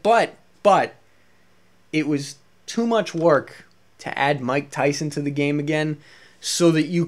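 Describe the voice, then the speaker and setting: A let's play commentator ranting with open frustration and plenty of swearing. The voice swings widely up and down, pelting the game's makers with exasperated rhetorical questions. It sits at a middle pitch. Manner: angry, profane, exasperated ranting. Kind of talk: gameplay commentary rant.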